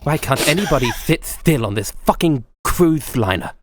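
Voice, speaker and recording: A man voicing a crude, weary male military commander who drawls slowly. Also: mid-range voice, lively intonation, background noise, lightly acted.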